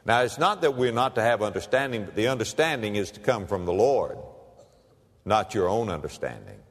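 Man preaching, lively swinging pitch, acts out story characters, long hall reverb, church sanctuary. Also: a little fast. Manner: preaching with big swings from hushed to emphatic; plays out little scenes in the voices of the people in his stories. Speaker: pastor. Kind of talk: sermon.

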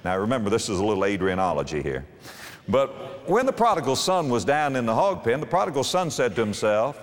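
A man in his fifties preaching a sermon, telling a homespun parable with lively, acted-out character voices. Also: medium pitch, a little fast. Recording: long hall reverb.

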